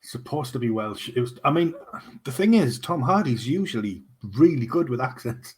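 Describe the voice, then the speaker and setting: A man's voice: mid-range voice, animated, moderate pace, a little mellow, breathy edge. A man co-hosting a casual film podcast, blunt and full of banter, swearing casually. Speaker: podcast co-host. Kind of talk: casual chat.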